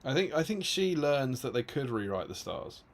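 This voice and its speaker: A man's voice: mid-range voice, very animated, moderate pace. A man, co-hosting a casual livestream and reading out chat, laughing often and restarting his sentences. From Greater London, England. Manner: chatty, laughs often, lots of restarts and fillers. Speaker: co-host reading live chat.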